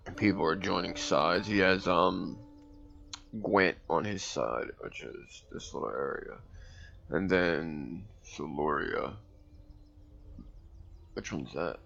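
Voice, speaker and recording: Deep gravelly man, laid-back game commentary. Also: slow pace, pauses often, fairly bright tone, muffled recording, a little hiss or hum. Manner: laid-back, thinks aloud, reads game text. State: hiccuping. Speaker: gameplay commentator. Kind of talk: casual let's-play commentary.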